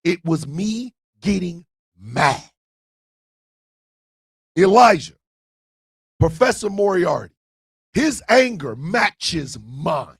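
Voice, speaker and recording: A man's voice: on the high side, sing-song, slow pace, slightly rough, no echo, studio quality. A man hosting an internet radio livestream, delivering a fiery, emphatic monologue. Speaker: internet radio co-owner and host.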